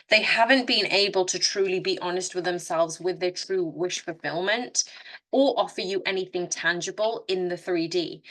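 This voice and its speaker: A woman's voice: fairly low pitch, sharp tone. A woman giving an unscripted tarot reading, speaking earnestly and directly to her listeners, with frequent restarts and self-corrections. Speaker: tarot reader. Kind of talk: casual spoken tarot reading.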